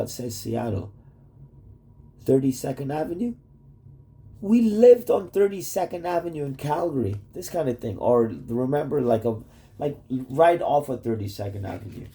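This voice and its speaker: Rambling, profane man with a mellow voice. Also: medium pitch. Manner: rambling, profane, full of "like" and restarts. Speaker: vlogger addressing his wife. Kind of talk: rambling casual video message.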